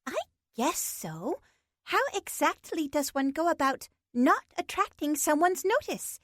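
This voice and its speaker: A woman's voice: high-pitched, sing-song, measured pace, fairly bright tone, no echo, clean studio sound, voice pushed up, exaggerated voice. A woman voicing a cheeky, blunt young female pixie who talks in a chirpy, offhand way. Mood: perky.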